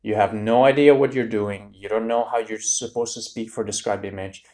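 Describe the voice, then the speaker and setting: A man's voice: fairly low pitch, normal speed. A man coaching students for a speaking exam, talking directly and energetically to viewers. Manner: direct, energetic, addresses viewers as "you guys". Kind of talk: tutorial lesson to camera.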